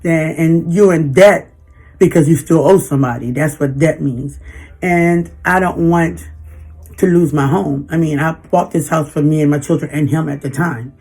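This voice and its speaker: A woman in her fifties venting in a personal vlog, halting and emotional, holding back tears. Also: low-pitched, a little mellow, slightly rough, soft background music. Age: 50s. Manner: emotional, halting, frequent restarts. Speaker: vlogger.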